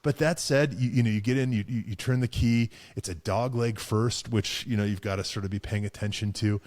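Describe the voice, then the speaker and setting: A man's voice: lowish voice, fairly even intonation, fairly quick, darkish tone. A man co-hosting a car show, chatting casually with lots of fillers, restarts and chuckles. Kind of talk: casual chat.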